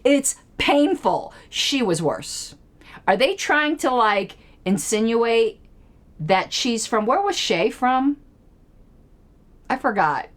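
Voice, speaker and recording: A woman chatting on her own about a TV episode, her pitch rising and falling in lively swoops. She rambles, laughs easily, and mutters to herself while hunting for names she can't recall. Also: takes it slowly. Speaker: political commentary channel host. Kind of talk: casual solo TV episode discussion.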